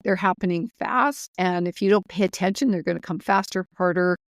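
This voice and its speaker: A woman's voice: fairly low pitch, fairly quick, no echo. A woman co-hosting a spiritual podcast, giving firm, direct advice in a casual way. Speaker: co-host.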